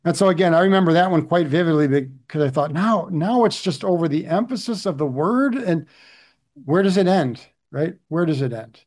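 Middle-aged male pastor, slightly higher voice, chatty sermon delivery with rhetorical asides. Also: expressive, moderate pace, darkish tone. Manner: conversational, frequent "right?" asides.

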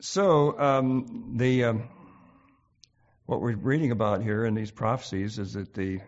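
A man's voice: mid-range voice, steady tone, a little slow, muffled recording. A man hosting an informal Bible study, thinking aloud with many fillers as he reads and explains scripture.

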